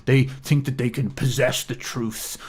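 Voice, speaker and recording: A man talks about philosophy in a heated, preaching monologue. He swears often and drops into mocking impressions of the people he criticizes. His voice sits at a middle pitch. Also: unhurried, husky. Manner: animated, swears, mocks others in put-on asides. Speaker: philosophy commentator. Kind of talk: impassioned monologue.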